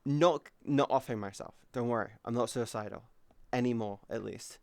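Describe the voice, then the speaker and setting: Man, live streamer, casual candid chat, swears freely, smooth clear voice, dry close sound. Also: medium pitch, normal speed, no room sound.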